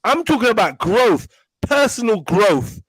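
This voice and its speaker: A man's voice: high voice, sing-song, a little slow, fairly bright tone, breathy edge, no room sound, poor audio. A man hosting a live online panel, blunt and argumentative as he presses his point. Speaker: panel host.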